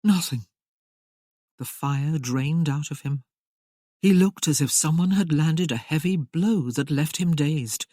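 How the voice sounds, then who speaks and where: Brief: a woman narrating a romance audiobook, slow and animated delivery, dry booth sound. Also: low-pitched, dry recording. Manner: unhurried, expressive storytelling. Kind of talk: scripted narration.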